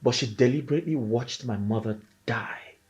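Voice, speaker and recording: A man's voice: mid-range voice, normal speed, natural voice, low-quality recording. An actor with a Nigerian accent playing a heartbroken, bitter husband in a Nollywood film, with music under his voice. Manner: bitter, accusing, shouting at times. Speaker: wronged husband. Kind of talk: Nollywood screen acting.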